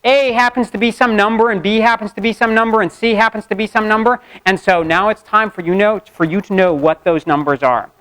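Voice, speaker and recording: A man teaching a university class in a playful, joking way. His voice sits high for a man. He breaks up the explanation with quick asides and laughs. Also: a bit bright, clean tone, low-quality recording. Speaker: university lecturer. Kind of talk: classroom lecture. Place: lecture hall.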